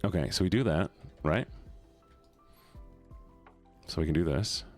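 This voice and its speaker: A man's voice: low voice, unhurried, faint music behind. A young man from the US Midwest, chatting playfully and rambling to his chat while gaming on a live stream.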